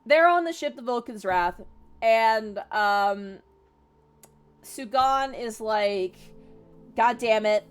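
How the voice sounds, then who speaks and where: A young woman streamer casually retelling a story, animated and full of filler words and swearing. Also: a little high, slow pace, clear, resonant tone, soft background music.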